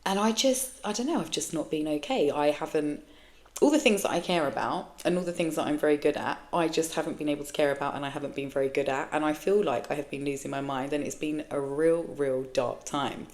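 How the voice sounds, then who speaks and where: A woman's voice: low-pitched, brisk, a little mellow. A woman in her forties, hosting her own podcast, talks frankly and emotionally in a blunt, sweary monologue. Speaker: podcast host. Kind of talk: candid personal monologue.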